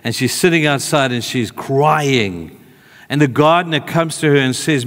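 A man preaching a sermon in a church hall, conversational, moving between emphatic calls and hushed, tender asides. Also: medium pitch, lively intonation, measured pace.

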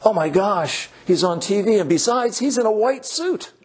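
A man playing a gullible male TV fan, gushing and wide-eyed, fully taken in by what he sees on screen. The voice sits high and sounds husky. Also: animated, moderate pace. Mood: awed. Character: gullible male TV viewer, dazzled and naive.

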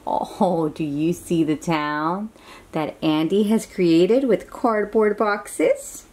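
Woman, children's read-aloud, slow, husky, lively pitch, asks listeners questions. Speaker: children's book reader.

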